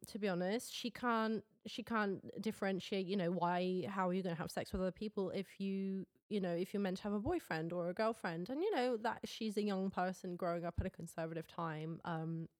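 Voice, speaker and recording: A woman's voice: mid-range voice, fairly quick, few pauses, no echo, studio quality. An Englishwoman co-hosting a podcast, chatting casually about a film, swearing freely and laughing often. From England. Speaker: podcast co-host. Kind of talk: casual film review chat.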